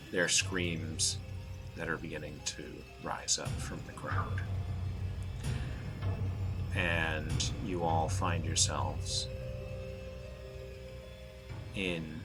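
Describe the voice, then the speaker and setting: A man narrating as game master, hesitant with fillers and slowing down for dramatic description. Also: extremely low pitch.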